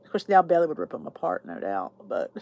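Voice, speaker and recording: A woman's voice: low voice, big pitch swings, fast talker, gravelly, dark tone. Chatty woman hosting a live chat. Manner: chatty, reads out viewer comments. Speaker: YouTube channel host. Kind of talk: casual live chat with viewers.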